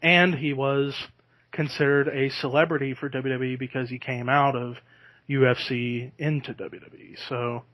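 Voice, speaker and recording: A man's voice: mid-range voice, flat delivery, normal speed, fairly bright tone, dry recording. A man hosting a podcast in casual chat, talking easily and breaking into laughter. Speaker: podcast host.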